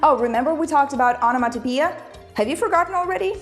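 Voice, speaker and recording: Young woman, ukrainian native, teaching english, bouncy pitch, jokey and laughing a lot. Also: lively intonation, quick pace, soft background music. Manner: playful, laughs often, imitates animal sounds. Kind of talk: casual video lesson.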